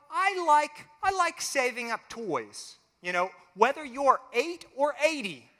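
Male pastor, high and bright, lively family sermon with acted-out voices, long church reverb. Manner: animated, acts out little quoted voices. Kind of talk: family sermon with closing prayer.

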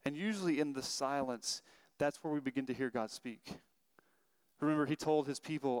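A man's voice: medium pitch, normal speed, a little mellow, clean tone, dry recording. A man in his thirties preaching a sermon, telling personal stories in an earnest, conversational way that is full of restarts. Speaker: pastor.

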